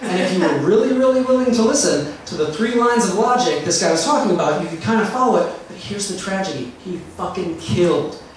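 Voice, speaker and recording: A male stand-up comedian with a fairly high voice tells stories in a wry, conversational way. He sounds distant, and the club echo is heavy, with faint room noise behind him. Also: animated, fairly quick, hardly any pauses. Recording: echoey club recorded from far off.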